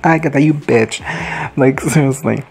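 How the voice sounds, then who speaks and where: A man casually recapping a TV episode, rambling, swearing and excitable. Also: mid-range voice, normal speed, soft background music. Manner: rambling, profane and excitable, often laughing. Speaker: video host reacting to a TV show.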